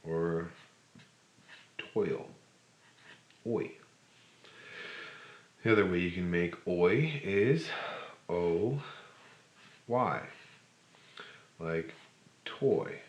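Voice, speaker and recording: A man teaching a speech sound lesson, demonstrating the sound slowly step by step. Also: low-pitched, reverberant, lo-fi sound. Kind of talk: phonics lesson.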